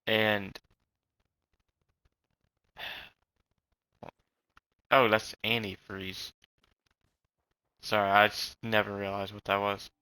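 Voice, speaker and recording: A man's voice: on the low side, flat delivery, drawn-out words, long pauses, pushed and bright, smooth, no echo, rough recording. A young man with a slight Southern accent, ranting in a rambling, profane way while he plays a game. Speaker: vlogger. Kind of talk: rambling casual rant.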